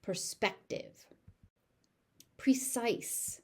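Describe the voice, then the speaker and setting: A woman with a General American accent teaching pronunciation, repeating each word slowly before explaining its sounds and stress. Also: mid-range voice, expressive, dark tone. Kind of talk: slow, deliberate pronunciation drill.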